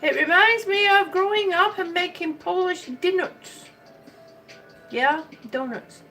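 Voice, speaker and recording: An older woman from Miami with a high voice tells a rambling story in casual chat. Her accent mixes the American South and the Midwest. She sits a little back from the mic, and faint music plays behind her. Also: takes it slowly, bright, forceful tone, distant mic, rough recording. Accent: mixed American Southern and Midwestern. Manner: chatty storyteller, rambling with restarts. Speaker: vlogger.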